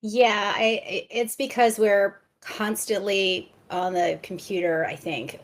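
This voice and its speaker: A woman author chatting as a podcast guest, enthusiastic and quick to laugh, often restarting her sentences. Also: medium pitch, fairly even intonation. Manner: frequent restarts and stammers. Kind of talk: casual podcast chat.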